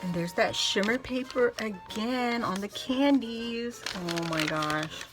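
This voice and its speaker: Woman vlogger slowly unboxing craft mail, gushy and squealy, a bit high voice, soft music behind. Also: rough recording. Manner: gushing, excitable, squeals often. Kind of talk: casual unboxing chat.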